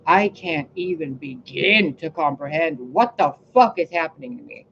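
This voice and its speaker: A woman talking in a casual, rambling monologue on her channel, cursing often and swinging between loud outbursts and quiet asides. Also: low-pitched, expressive, moderate pace, vocal fry, highs cut off, slight background noise. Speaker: spiritual reader and channel host.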